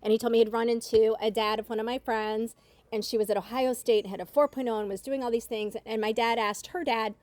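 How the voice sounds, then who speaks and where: A woman's voice: on the high side, steady tone, quick pace, darkish tone. Earnest woman giving a family tribute. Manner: earnest, reflective storytelling with fillers. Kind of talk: heartfelt spoken tribute at a family gathering.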